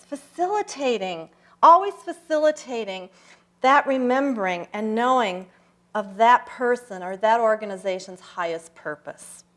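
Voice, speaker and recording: Older woman, slightly high voice, reflective church talk, slow emphatic pauses. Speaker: guest speaker. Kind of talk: personal sermon talk. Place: church sanctuary.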